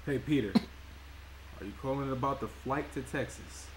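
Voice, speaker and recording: A man playing a polite, patient airline phone agent who calmly handles an angry caller. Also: mid-range voice, normal speed, slight background noise, close to an everyday voice, rough recording. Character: calm adult male airline phone agent.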